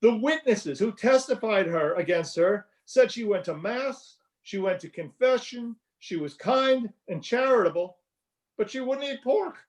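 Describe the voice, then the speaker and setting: Man, high-pitched voice, conversational class leader calling on readers. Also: animated, measured pace. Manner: conversational, calls on readers by name. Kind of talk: teaching a class.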